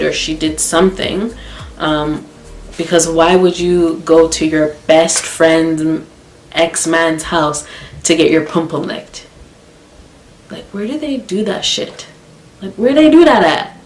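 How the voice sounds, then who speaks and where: A young woman from Canada with a low voice tells a story in a blunt, profane, animated way. She speaks in an echoey room, with faint music playing underneath. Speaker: vlogger. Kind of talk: casual storytime.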